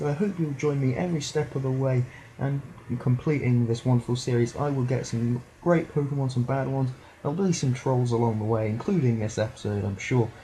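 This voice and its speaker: Brief: bright-voiced teen lad narrating gameplay, random jokes, a bit off-mic now and then, warm tone. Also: male voice, a little high. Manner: rambling, joking, does silly voices for game characters. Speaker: gameplay commentator. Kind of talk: let's play commentary. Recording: poor audio, slightly distant at times.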